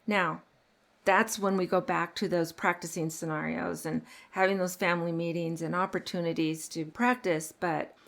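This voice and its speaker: A middle-aged woman hosting a parenting podcast, talking earnestly and getting animated when she tells stories. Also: on the low side, moderate pace, gravelly. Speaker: podcast host. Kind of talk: casual parenting podcast chat.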